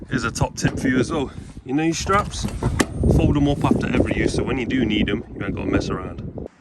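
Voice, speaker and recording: A fast-talking man with a mid-range voice vlogs while working fencing jobs outdoors at work sites and a yard, where it's windy and wind noise is audible. As a fencing tradesman, he gives viewers matter-of-fact, chatty casual commentary.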